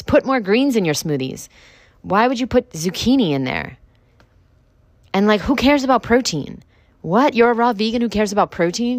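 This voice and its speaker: A woman's voice: sits low, no echo. A young woman hosting a podcast, ranting casually in a blunt, profane way with lots of filler words. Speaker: podcast host. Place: home with construction noise outside.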